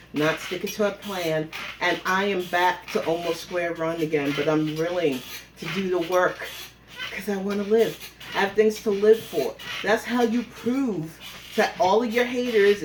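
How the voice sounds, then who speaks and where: Against a noisy background, a woman with a mid-range voice pedals an exercise bike at home and films a phone vlog calling out a rival. She scolds bluntly and swears a lot.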